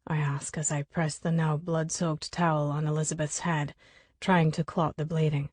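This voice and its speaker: A woman's voice: low-pitched, little pitch movement, normal speed, a little mellow, slightly rough, no room sound, clean studio sound. A woman narrating a first-person audiobook chapter with an urgent, coarse inner voice.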